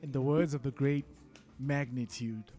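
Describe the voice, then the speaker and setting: A man's voice: mid-range voice, fairly even intonation, measured pace, dark tone, soft background music. A man co-hosting a podcast in casual chat, laid-back and rambling, swearing freely. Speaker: podcast co-host.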